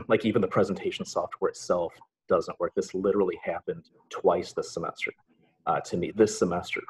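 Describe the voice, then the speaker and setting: In a casual webinar, a middle-aged man who teaches college English talks conversationally, sprinkling in fillers and deadpan sarcasm. His voice is low, and the audio is poor, with a bit of background noise.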